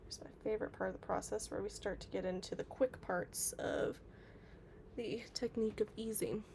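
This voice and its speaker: A woman chats casually on a livestream, reading viewer comments aloud and using lots of filler words. Her medium-pitched voice is steady and darkish at a moderate pace, with slight background noise.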